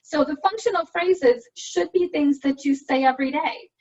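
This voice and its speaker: A woman's voice: sits high, moderate pace, darkish tone. A woman speech therapist presenting to an online support group, explaining exercises patiently, step by step, over a video call. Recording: dull lo-fi call audio, from a distance.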